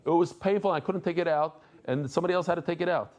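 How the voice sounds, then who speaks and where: A middle-aged man giving a daily Talmud lesson, animated and jokey, mixing in Hebrew and Yiddish terms. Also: fairly high pitch, fast talker, muffled recording. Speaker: Talmud teacher.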